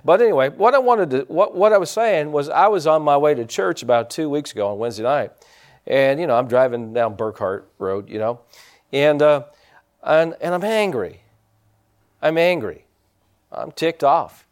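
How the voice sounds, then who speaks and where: A pastor with a slightly high, expressive voice preaches to his congregation at a fairly quick clip. His sermon is folksy and rambling, and he keeps breaking off for asides to people in the pews.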